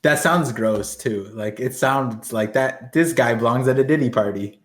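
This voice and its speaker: A man's voice: medium pitch, moderate pace. A man co-hosting a podcast, in casual chat full of crude jokes, laughing often. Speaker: podcast co-host. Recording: roomy echo.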